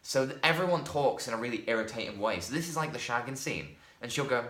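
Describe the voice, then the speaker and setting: A man's voice: mid-range voice, expressive, fast talker, few pauses, a bit bright. Sweary man in a roomy room. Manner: rambling, sweary, laughs at own jokes. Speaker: podcast host. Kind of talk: casual film-review chat. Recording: roomy echo.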